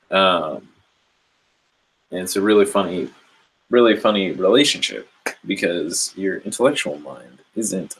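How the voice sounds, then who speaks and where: A man's voice: sits low, fairly bright tone, a little hiss or hum, poor audio. A man giving a rambling, earnest motivational monologue about inner growth, swearing casually as he talks. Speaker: spiritual self-help speaker.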